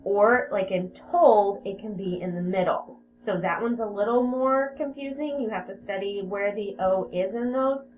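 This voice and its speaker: A woman's voice: medium pitch, moderate pace, few pauses. A woman teaching a spelling lesson to young children, patient, sounding out words and repeating them. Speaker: elementary school teacher. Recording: tinny phone-like audio with steady background hiss.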